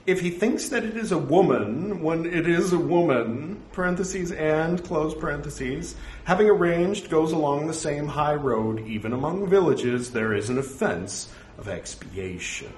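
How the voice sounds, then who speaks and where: Guy reading old scripture out loud, says the punctuation too, lively up and down voice, wry jokes, echoey room w faint hum. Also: fairly high pitch, measured pace, hardly any pauses. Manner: reads punctuation aloud, wry self-mocking asides. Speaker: scripture reciter. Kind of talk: scripture reading with joking commentary.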